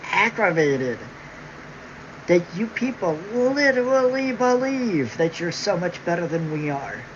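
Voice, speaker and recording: A woman's voice: fairly low pitch, sing-song, measured pace, background noise. A woman hosting a livestream, ranting angrily at her viewers, mocking them with sarcasm and constant swearing. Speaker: livestream host. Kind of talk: profane livestream rant. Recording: dull lo-fi stream audio.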